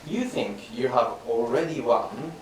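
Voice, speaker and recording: A man playing an older yawning teacher in rakugo comic storytelling, speaking in a calm, instructive way. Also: medium pitch, measured pace, voice pushed down, lightly acted. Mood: calm instructing. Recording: roomy, distant mic, faint hiss.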